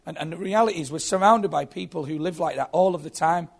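A man's voice: on the high side, fast talker, creaky, slightly rough. A man telling his own story as a Christian testimony, earnest and often repeating his words. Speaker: former prisoner giving testimony.

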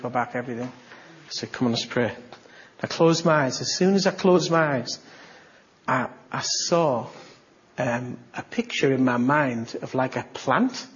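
A man preaching a sermon, telling a story and acting out the dialogue, with sudden bursts of excitement. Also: mid-range voice, lo-fi sound.

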